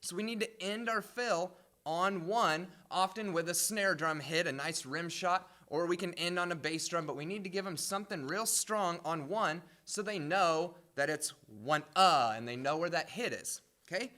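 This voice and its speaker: A music professor gives a patient drum set lesson in a practice room, his high voice pushed and bright at a normal speed. He explains clearly and sings out the drum patterns.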